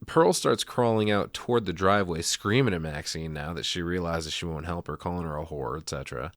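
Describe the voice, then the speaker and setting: A man's voice: low-pitched, fairly quick, no room sound, clean studio sound. A man co-hosting a podcast, casually recapping a horror film scene by scene, swearing freely and acting out lines. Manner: profane, recaps scenes, acts out quotes. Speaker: podcast co-host.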